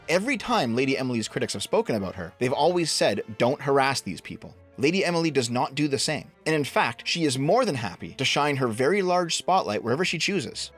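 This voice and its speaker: A young man narrating an online drama commentary in a blunt, sarcastic, exasperated way. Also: medium pitch.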